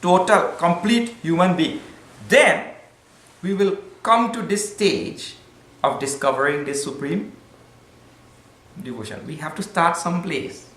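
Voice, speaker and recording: A man gives a spiritual talk in a relaxed, conversational way, mixing in Sanskrit words and light jokes. His voice sits a little high. The hall around him echoes. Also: unhurried, pauses often. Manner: conversational, with Sanskrit terms and gentle humor. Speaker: spiritual teacher. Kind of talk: spiritual discourse.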